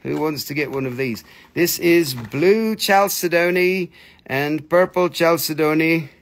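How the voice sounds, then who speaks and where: A man hosting a live rock sale, excitable and jokey, gushing over each piece and chatting to viewers by name. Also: fairly high pitch, unhurried. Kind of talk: live selling stream chat.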